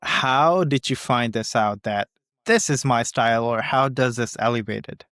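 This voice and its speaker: A podcast host asking a guest questions in a friendly, encouraging way, with slightly halting phrasing. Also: mid-range voice, fairly bright tone, no room sound, studio quality. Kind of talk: casual interview questions.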